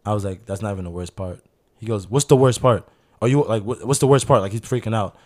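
A man telling a story in casual chat, animated and slangy, acting out other people's voices and laughing often. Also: fairly low pitch, fast talker.

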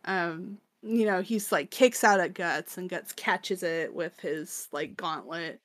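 A woman's voice: fairly low pitch, slow, dry recording. Casual profane woman recapping a story. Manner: loose and profane, acting out characters' lines with lots of "like". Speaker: podcast co-host. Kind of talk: casual chat, recapping a manga.

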